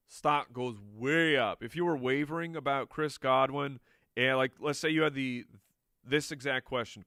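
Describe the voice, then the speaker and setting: A man's voice: mid-range voice, bright, forceful tone, no room sound, clean studio sound. A man answering viewer questions on a live show in a playful, chatty way, joking with the crew and laughing often. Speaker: fantasy football analyst answering viewer questions. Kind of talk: casual live Q&A.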